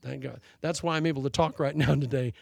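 A man preaching a sermon as pastor, telling a story with animated delivery and laughing at his own jokes. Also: medium pitch, quick pace, vocal fry, dry recording, studio quality.

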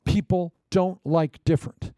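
A middle-aged man preaching a sermon as pastor, mixing jokes and asides, swinging from loud to hushed. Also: high voice, fairly even intonation, measured pace, no echo, studio quality.

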